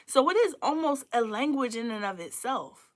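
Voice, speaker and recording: A woman hosting a casual teaching livestream on relationships, animated and preachy, laughing often. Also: on the high side, moderate pace. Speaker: host of a relationship talk show.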